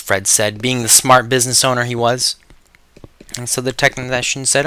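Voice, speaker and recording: A man's voice: mid-range voice, fairly even intonation, moderate pace, sharp tone, smooth, no echo. A man presenting a sales webinar, telling dramatic stories and pushing hard to buy now. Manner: emphatic, pushy, dramatic storyteller. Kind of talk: sales pitch storytelling.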